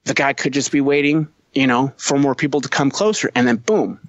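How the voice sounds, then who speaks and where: A man's voice: mid-range voice, brisk, no room sound, muffled recording. A man who is a Marine veteran, telling a war story as a podcast guest, blunt and heavy on profanity. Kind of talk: casual storytelling.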